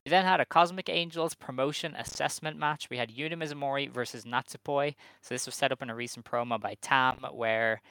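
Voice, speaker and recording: Bright, smooth-voiced man recapping casually. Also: mid-range voice, fairly quick, few pauses, rough recording. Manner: wry, rambling recap with fillers. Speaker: podcast co-host. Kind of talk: casual podcast chat.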